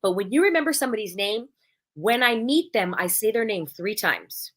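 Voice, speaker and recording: A woman's voice: mid-range voice, lively intonation, moderate pace, fairly bright tone. A woman hosting a casual podcast chat, blunt and emphatic, acting out little quoted exchanges. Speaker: podcast host.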